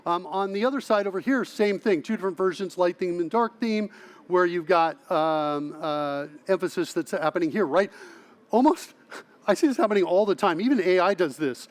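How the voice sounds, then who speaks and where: A man with a fairly high voice presents a technical talk at a conference. He talks in a lively way, keeps checking in with his audience, and often restarts his phrases. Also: normal speed. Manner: lively, asks audience "right?" often, self-correcting restarts. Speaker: conference speaker. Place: large conference hall.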